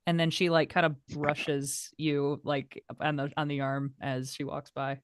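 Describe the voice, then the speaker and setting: A woman's voice: deep voice, flat delivery, measured pace, clear, resonant tone, dry recording. Lady player in a tabletop game, giggly and chatty, dry close sound. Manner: chatty, giggly, lots of "like" and "kinda". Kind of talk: casual tabletop role-play.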